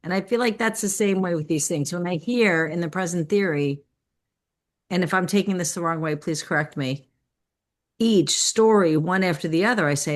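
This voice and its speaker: A woman's voice: lowish voice, moderate pace. A woman in a class who has a cold, thoughtfully building her point with examples. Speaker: class participant.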